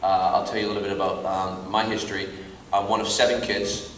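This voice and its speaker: A man's voice: on the low side, level tone, fairly quick, fairly bright tone, a little hiss or hum. A man from Scotland, an actor telling chatty, rambling stories at a convention panel. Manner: chatty, rambling, many fillers. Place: large convention hall. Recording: echoey convention hall, distant mic.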